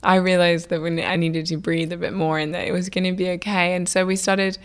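A young woman, a food business founder, telling stories in a casual interview in a chatty, lively way, acting out what people said. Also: on the low side, fairly quick, clear, resonant tone. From United Kingdom. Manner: chatty, lively, many "like" fillers, acts out quoted dialogue.

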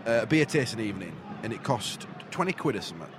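A man's voice: lowish voice, very animated, fast, background noise. A man co-hosting a podcast, playfully telling stories and laughing in casual chat. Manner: playful, storytelling, laughs often. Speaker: podcast co-host. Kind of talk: casual banter.

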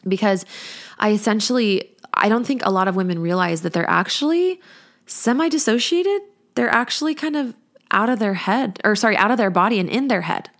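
A woman's voice: mid-range voice, lively intonation, brisk, fairly bright tone. A woman in her thirties, a parenting coach, talking candidly and chattily in a reflective podcast chat. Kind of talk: casual podcast talk.

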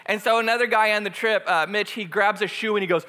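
A man in his thirties, a youth pastor telling a lively personal story in a sermon, acting out the screams as he goes. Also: high-pitched, fast talker. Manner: animated storyteller, acts out screams.

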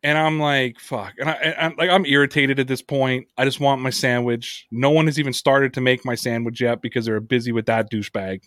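A man's voice: medium pitch, fairly quick, few pauses, no room sound, studio quality. A man hosting a podcast, telling a story in casual chat, swearing freely and acting out what others said. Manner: animated storyteller, swears freely, acts out quotes. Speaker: podcast host.

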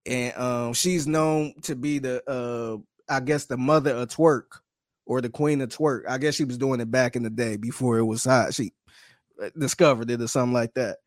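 A man's voice: mid-range voice, steady tone, moderate pace, no echo, studio quality. A man co-hosting a podcast, telling casual stories with slang and frequent laughter. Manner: chatty storyteller, laughs often, casual slang. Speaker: podcast co-host.

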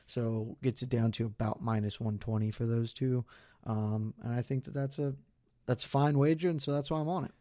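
A man's voice: mid-range voice, steady tone, normal speed, warm tone, no echo, studio quality. A man co-hosting a sports betting podcast, talking loosely and poking fun at himself as he walks through his wagers. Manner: loose, rambling, self-deprecating. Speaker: podcast co-host. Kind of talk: casual betting podcast chat.

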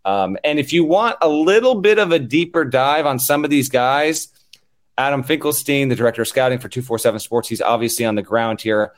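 A man's voice: medium pitch, fairly quick. A man hosting a podcast live from a basketball tournament, recapping players in a loose, rambling way with fillers. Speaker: podcast host. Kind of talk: casual chat.

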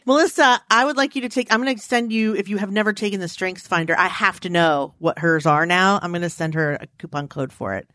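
A woman co-hosting a casual chat, playful and animated, her pitch jumping up when she gets excited. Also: brisk, few pauses.

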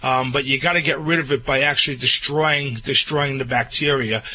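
A man explaining a pet care problem on a radio show, halting and explanatory. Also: mid-range voice, fairly even intonation, sharp tone, breathy edge.

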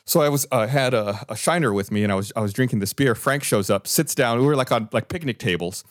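A man's voice: mid-range voice, quick pace, dry recording, studio quality. A man co-hosting a podcast, telling stories in casual chat and getting heated over old grievances. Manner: animated storyteller, gets heated retelling grievances. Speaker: podcast co-host. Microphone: studio mic, remote recording.

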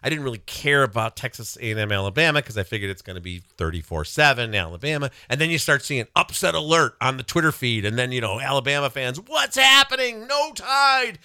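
Guy co-hosting a talk show, bright tone, dry close sound, chatty about sports. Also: expressive, fast, hardly any pauses, clear, resonant tone, no room sound. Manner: chatty, jumps to high quoted voices. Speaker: co-host. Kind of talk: casual chat about sports and media.

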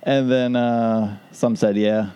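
A man's voice: medium pitch, fairly even intonation, slow, dark tone, clear, resonant tone, dull audio. A man co-hosting a casual podcast, rambling through his ideas and laughing at them. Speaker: podcast co-host.

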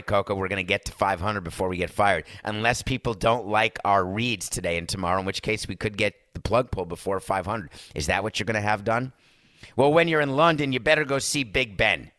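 A man's voice: fairly low pitch, bright, forceful tone, no room sound, clean studio sound. A man hosting a podcast in casual chat, rambling and sarcastic as he reviews a movie and talks to his listeners as folks. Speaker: podcast host.

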